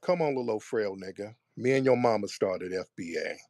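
A man hosting a live online audio room, taunting and talking down to a caller with slow, deliberate jabs. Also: on the low side, animated, darkish tone, dry recording. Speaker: host. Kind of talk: confrontational live audio chat.

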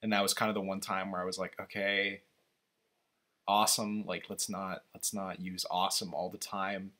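Bright-voiced man reacting to a trailer. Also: sits low, little pitch movement. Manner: rambling, halting, opinionated. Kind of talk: casual reaction commentary.

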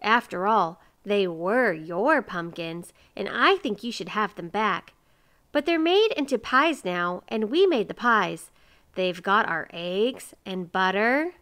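A woman's voice: mid-range voice, animated, slow, a bit bright. A woman voicing kindly, bossy neighbor women who talk in a coaxing, cheerful way.

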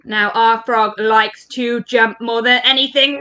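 A woman's voice: fairly high pitch, fairly even intonation, measured pace, sharp tone, slight background noise. A woman leading an interactive story workshop for children, talking in a playful, encouraging, sing-song way.

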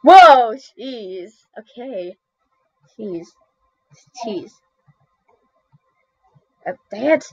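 A woman's voice: fairly high pitch, expressive, normal speed, breathy edge, no echo. A woman chatting casually as she draws, exclaiming and poking fun at her own mistakes, picked up on a computer mic. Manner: chatty, exclamatory, self-mocking. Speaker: drawing video host. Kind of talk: casual commentary while drawing. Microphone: computer mic via screen recorder. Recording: dull dry computer-mic recording.

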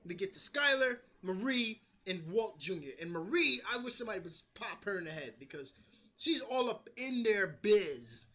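A man giving a casual, animated review of a TV episode, swearing freely and acting out the characters' lines. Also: high-pitched, moderate pace. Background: street construction noise.

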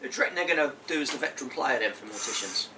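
Lively, cheeky man. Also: mid-range voice, rapid-fire. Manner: cheeky, joking. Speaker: guest player. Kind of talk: casual chat during a tabletop game. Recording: distant mic, noisy room.

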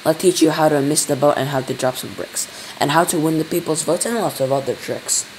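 A man's voice: a little high, fairly quick, darkish tone, a little hiss or hum, lightly acted, rough recording. A man doing a bossy old nanny. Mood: sing-song. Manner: sing-song reciting, scolding. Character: old bossy female nanny, vice president.

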